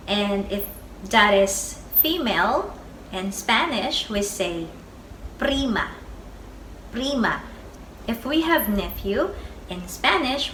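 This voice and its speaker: Slow, bright-voiced woman teaching vocabulary. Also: mid-range voice. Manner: repeats each word twice, slow and deliberate. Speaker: Spanish teacher. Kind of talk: slow beginner language lesson. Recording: echoey room with faint background noise.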